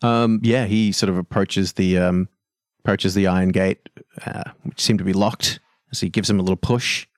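A man narrating as game master of a tabletop game, relaxed and halting with fillers. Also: low-pitched, no room sound, clean studio sound.

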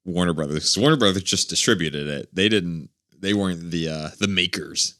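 Bright, low-voiced joking man. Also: a little fast, no echo, clean studio sound. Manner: jokey, laughs often. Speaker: podcast co-host. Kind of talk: casual chat.

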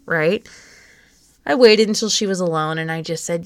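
A woman in her thirties hosting a podcast, giving an encouraging self-help talk in a gentle coaching manner straight to the listener. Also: lowish voice, normal speed, no echo. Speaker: podcast host.

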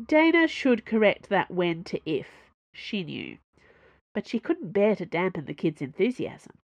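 A woman reading a science-fiction adventure novel aloud as an audiobook narrator, expressive and varied. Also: mid-range voice, measured pace, no echo, muffled recording. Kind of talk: scripted narration.

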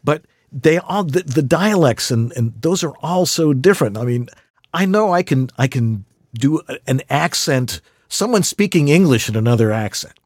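A man's voice: a little high, moderate pace, no echo, clean studio sound. A man hosting a casual interview, rambling and playful as he asks questions. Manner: rambling, animated, playful asides. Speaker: podcast host.

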